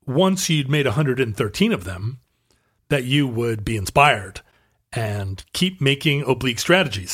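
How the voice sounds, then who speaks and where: A man of middle pitch talks through a story in easygoing podcast chat. He explains at a loose, hesitant pace, restarting sentences and leaning on fillers. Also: a bit bright. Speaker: podcast co-host. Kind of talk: casual chat.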